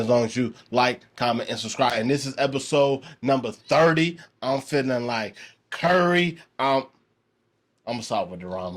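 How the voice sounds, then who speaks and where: Easygoing male podcast host, average pitch, talking loosely with lots of "um"s. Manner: laid-back, rambling, many fillers. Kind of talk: casual podcast chat.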